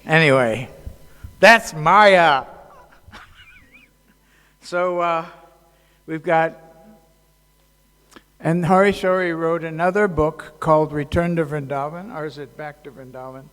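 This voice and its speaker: Slow-talking man in a reverberant hall. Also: on the high side. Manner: halting, joking, many fillers. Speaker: speaker at a temple festival. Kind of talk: casual devotional talk.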